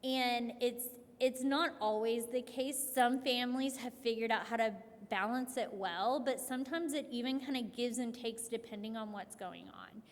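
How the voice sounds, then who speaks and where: A woman clinician giving a conversational workshop talk to families, telling stories in a lively way with frequent restarts. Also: on the high side, normal speed, few pauses. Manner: conversational, animated storytelling with many restarts and "like". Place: event hall. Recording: long hall reverb.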